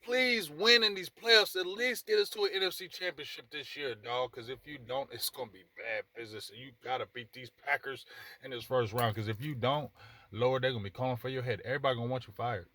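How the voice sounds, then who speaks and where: A man's voice: mid-range voice, fairly quick, pushed and bright. A man hosting a sports talk show, speaking in a passionate, emphatic, repetitive way and addressing people directly. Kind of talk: casual sports commentary monologue.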